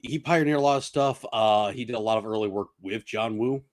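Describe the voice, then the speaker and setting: A man's voice: lowish voice, fairly quick, no room sound. Dry-miked sardonic man chatting. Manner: opinionated, sardonic, swears casually. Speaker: podcast co-host. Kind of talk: casual chat.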